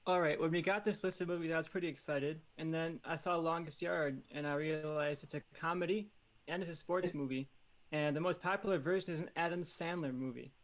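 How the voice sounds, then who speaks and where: A man pitching a movie idea on a comedy podcast, rambling and joking with many fillers. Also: steady tone, fairly quick. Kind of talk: casual comedic podcast chat.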